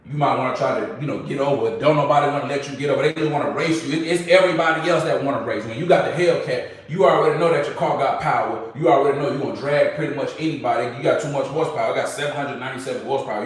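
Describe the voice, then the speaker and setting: A young man with a drawl talks casually to his viewers. His storytelling is loose, slangy and animated. He sits well back from the mic, and a very echoey room rings around his voice. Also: mid-range voice, distant mic. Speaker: vlogger.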